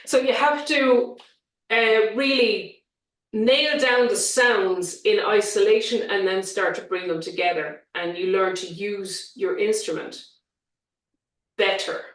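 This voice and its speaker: A woman vocal coach chatting in an interview, talking in an animated way and sometimes showing vocal sounds. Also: medium pitch, takes it slowly, far from the mic. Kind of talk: casual interview chat. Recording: roomy, set back from the mic.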